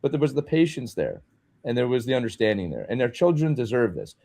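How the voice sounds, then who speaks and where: Candid man, animated hockey-coach storytelling. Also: medium pitch, quick pace. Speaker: podcast co-host and youth hockey coach. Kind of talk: casual podcast conversation.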